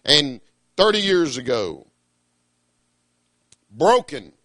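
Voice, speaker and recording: A middle-aged man, preaching a sermon emphatically, breaking into high cries of hallelujah. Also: very animated, extremely slow, bright, forceful tone, dry recording. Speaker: pastor.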